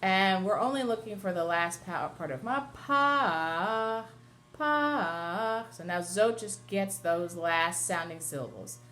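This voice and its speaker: A woman cantor with a fairly low voice teaches chant step by step in a classroom lesson, speaking at a moderate pace with few pauses. She is patient and explanatory, breaking into chant for sung examples.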